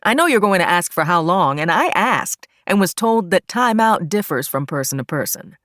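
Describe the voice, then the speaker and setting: A woman voicing a friendly female jail desk sergeant who talks in a brisk, matter-of-fact way in an audiobook. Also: fairly low pitch, sing-song, a bit bright, no echo, studio quality, voice pushed up. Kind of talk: audiobook character voice.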